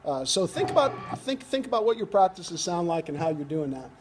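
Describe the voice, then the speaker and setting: This man's voice sits high and sing-song, and he talks briskly while running a youth baseball coaching workshop. His manner is conversational, with frequent checks of "right?"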